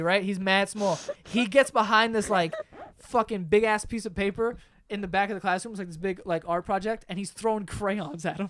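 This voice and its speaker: His voice is high-pitched and a bit bright. As a young podcast host swapping stories with friends, he chuckles as he goes, swears without restraint, and imitates what others said.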